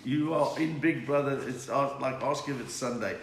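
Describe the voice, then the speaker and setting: A man's voice: medium pitch, normal speed. A middle-aged man, hosting a casual live stream and greeting viewers by name with jokes. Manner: chatty, reads out viewer names and greetings, jokey. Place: room at home. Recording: roomy echo with faint noise.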